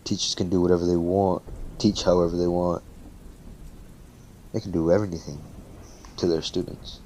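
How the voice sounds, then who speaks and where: A sleepy, gruff male teacher from a spoken fan story, voiced by a man as he narrates. He sounds dry and matter-of-fact, in a deep, low voice that stays close to the storyteller's own. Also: flat delivery, normal speed, dark tone, slight background noise, lightly acted.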